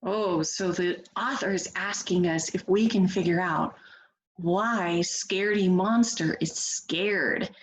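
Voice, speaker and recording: A woman's voice: on the low side, slow, slight background noise, poor audio. A woman teacher guiding first graders through a picture book, asking them questions in an encouraging way. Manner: encouraging, asks children questions, expressive. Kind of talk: read-aloud reading lesson for children.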